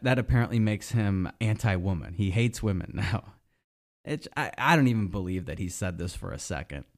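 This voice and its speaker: A man's voice: fairly low pitch, a little mellow. A man giving a casual, sarcastic opinion monologue as a political commentator, rambling and swearing freely. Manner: sarcastic, profane, rambling with restarts.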